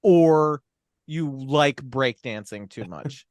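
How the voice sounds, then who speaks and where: A man's voice: mid-range voice, animated, takes it slowly, a little mellow, dry recording, studio quality. A man co-hosting a casual film podcast, talking emphatically with swearing and laughs while recapping a plot. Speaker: podcast co-host.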